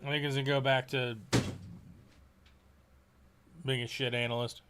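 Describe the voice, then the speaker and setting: A man's voice: medium pitch, level tone, moderate pace, a bit bright, slight background noise. Man, sports show co-host, blunt takes, casual, stumbles on closing plugs. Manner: blunt opinions, stumbling through sign-off.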